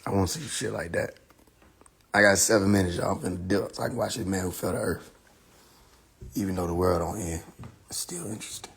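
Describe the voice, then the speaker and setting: A man hosting a casual live stream, riffing loudly with profanity and frequent laughter. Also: low voice, fairly even intonation, brisk, creaky, long pauses. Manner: loud joking rant, heavy profanity, laughing often. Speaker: livestream host. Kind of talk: casual livestream chat.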